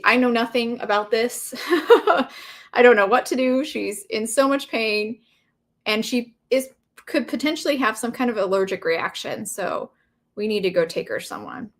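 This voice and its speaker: A woman's voice: on the high side, moderate pace. A woman hosting a craft livestream, chatting casually and telling a family story while she works and reads viewer comments.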